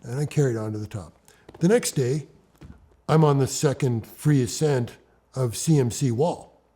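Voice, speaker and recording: A middle-aged man from Ontario, Canada, telling climbing stories in an animated, restart-heavy way as an interviewee. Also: medium pitch, normal speed. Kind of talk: animated storytelling.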